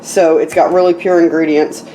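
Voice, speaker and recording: A woman's voice: low voice, level tone, moderate pace, warm tone, slight background noise, low-quality recording. A woman casually narrating her own vlog and explaining each food item one by one, with hiccups interrupting her. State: has hiccups. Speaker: vlogger.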